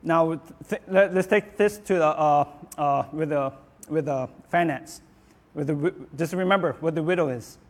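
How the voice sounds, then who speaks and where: High-voiced earnest preaching man. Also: moderate pace, in a large hall. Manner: earnest, repeats words and restarts often, rises in pitch and volume on declarations. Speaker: pastor. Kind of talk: sermon.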